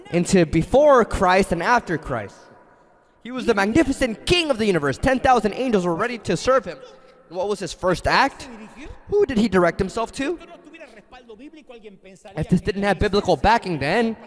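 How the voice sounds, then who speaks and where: A man preaching a sermon in a large hall, telling stories dramatically and swinging between loud and hushed. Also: high-pitched. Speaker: pastor. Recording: long hall reverb.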